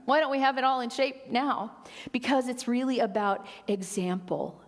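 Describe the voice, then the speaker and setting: A middle-aged woman minister giving a sermon, expressive, rising for quotes and dropping to a near whisper. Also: on the high side, moderate pace. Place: church sanctuary. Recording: long hall reverb.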